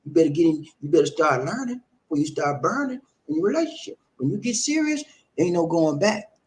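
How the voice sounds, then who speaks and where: A man giving relationship advice in a lively, sing-song voice, pitched a little high for a man. He is preachy and repeats his points as he speaks straight to his listeners. A faint rumble runs underneath. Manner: preachy, repeats himself, talks straight to the audience. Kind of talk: casual advice broadcast.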